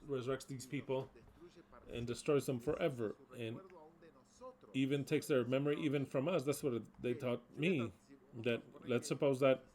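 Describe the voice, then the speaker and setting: Male preacher, mid-pitched, reads verses then explains them with emphasis. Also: darkish tone, rough recording. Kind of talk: sermon teaching.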